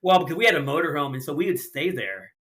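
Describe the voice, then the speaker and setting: A man's voice: a little high, quick pace. A middle-aged man from Ohio, a retired racer, telling casual stories on a podcast and acting out the dialogue of the people in them. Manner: animated anecdotes with lots of acted-out dialogue and casual slang. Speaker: guest, retired sprint car racer. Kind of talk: casual storytelling in a podcast interview.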